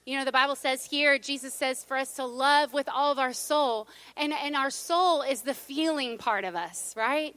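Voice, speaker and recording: A middle-aged woman preaching a sermon, conversational and humorous, dropping to a hush at times. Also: sits high, normal speed, hardly any pauses, no echo. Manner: conversational, humorous, drops to a hush for God's whisper. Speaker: pastor.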